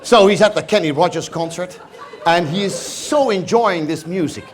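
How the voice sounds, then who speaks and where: Stammering Dutch stand-up comedian. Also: male voice, high voice, a little hiss or hum. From Netherlands. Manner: halting, stammering repetitions, deadpan absurd. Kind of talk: stand-up storytelling. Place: stage.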